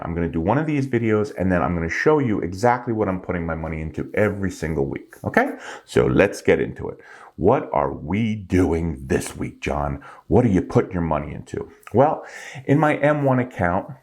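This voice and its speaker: A middle-aged man hosting a finance vlog, ranting in an animated, exasperated way and calling out imaginary viewers by name. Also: fairly low pitch, brisk. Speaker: finance channel host.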